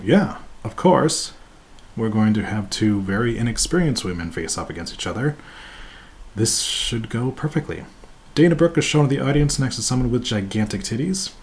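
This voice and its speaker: A man's voice: medium pitch, a little mellow. Sarcastic man reviewing wrestling matches. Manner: sarcastic, mocking, crude jokes. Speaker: podcast host reviewing wrestling. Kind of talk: scripted review with sarcastic asides.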